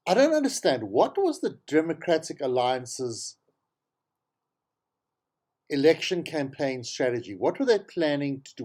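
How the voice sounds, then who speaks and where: Exasperated and sarcastic, a South African man who hosts a talk show works through the news in an opinionated political monologue. Repeating himself to hammer home each point, he moves his voice from quiet low mutters to sharp, incredulous highs.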